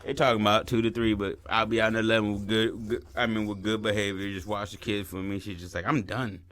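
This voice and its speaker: A man's voice: lowish voice, flat delivery, fast talker, fairly bright tone. A man co-hosting a podcast, joking in casual chat, laughing and acting out quoted voices. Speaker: podcast co-host.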